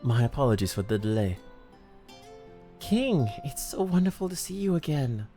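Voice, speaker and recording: A man voicing an earnest, gentle young woman oracle in a soft, plain reading over faint game music. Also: mid-range voice, big pitch swings, normal speed.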